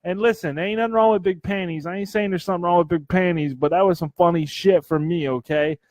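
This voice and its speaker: A man co-hosting a casual comedy podcast, telling animated stories, swearing a lot and laughing often. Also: high voice, fast, dry recording. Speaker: podcast co-host.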